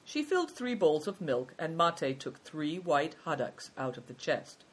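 A narrator reading a storybook aloud in a measured, steady way. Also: medium pitch, low-quality recording.

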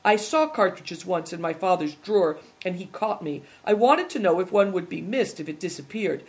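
A reader voicing a lively, inquisitive young boy who exclaims eagerly, in a storybook reading. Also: medium pitch, moderate pace, natural voice.

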